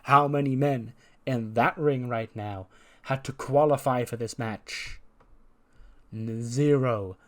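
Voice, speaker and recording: A man's voice: mid-range voice, takes it slowly, a bit bright. A man voicing a boastful male wrestler in a wrestling game promo, speaking in a raised, pleading tone.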